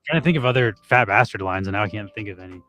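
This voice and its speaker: A man casually chatting and reacting to videos as co-host, laid-back and quick to laugh. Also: fairly low pitch, lively intonation, bright, forceful tone, faint music behind.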